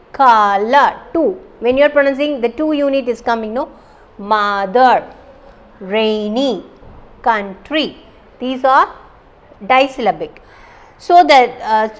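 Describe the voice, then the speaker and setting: Slow-paced Indian English woman teacher. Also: high-pitched. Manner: explains step by step, repeats words for drill. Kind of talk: classroom lesson.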